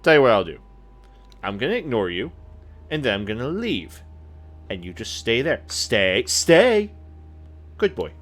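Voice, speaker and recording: A man's voice: mid-range voice, sing-song, moderate pace, long pauses, fairly bright tone. A man voicing a cocky young male mercenary in a fantasy game, brash and taunting. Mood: mocking.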